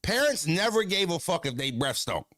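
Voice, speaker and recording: Man, casual profane storytelling, swooping lively pitch, dry close sound. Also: moderate pace, dry recording. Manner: animated storytelling, profane, laughs often. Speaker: streamer. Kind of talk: casual chat.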